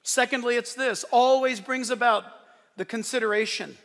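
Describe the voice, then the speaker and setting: High, bright-voiced preaching man. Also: normal speed, long reverb tail. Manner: animated, swings between loud declarations and soft asides; playful, joking asides to the congregation. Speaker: pastor. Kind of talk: sermon. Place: church service.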